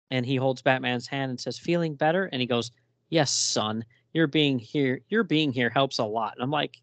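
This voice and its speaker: A man co-hosting a casual podcast, talking through a comic book and reading its dialogue aloud with lively emphasis. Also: medium pitch, moderate pace, no room sound.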